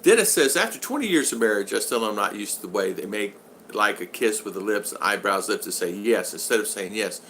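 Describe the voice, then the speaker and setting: A man's voice: on the low side, animated, brisk, fairly bright tone, a little hiss or hum. An older man hosting a casual live-stream vlog, rambling along and reading out viewer comments. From United States. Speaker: vlog host.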